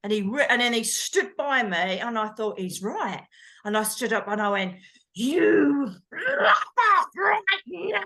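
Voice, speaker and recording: A woman co-hosting a chat show, telling a story in an animated way and acting out the quotes. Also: mid-range voice, moderate pace. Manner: animated, acts out quotes, exclaims. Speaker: co-host, medium.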